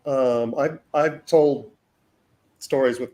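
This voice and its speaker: A man's voice: medium pitch, fairly even intonation, warm tone. A man hosting an art livestream, telling a long rambling anecdote in casual chat. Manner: slow, rambling anecdote teller.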